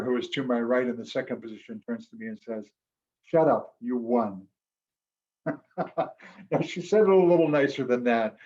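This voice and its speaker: A man's voice: medium pitch, darkish tone, dull audio. A man telling a reflective, earnest story as a guest speaker on a video call, getting emotional at moments. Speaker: guest speaker, former quiz show champion. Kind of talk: storytelling talk at an online club meeting.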